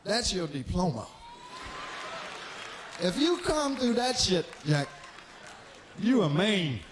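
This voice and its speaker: A man's voice: sits high, big pitch swings, slow pace, noisy background. A man in his forties doing a live stand-up comedy routine, telling loose profane stories and acting out the people in them. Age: 40s. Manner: profane, loose storytelling that acts out characters. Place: live stage show.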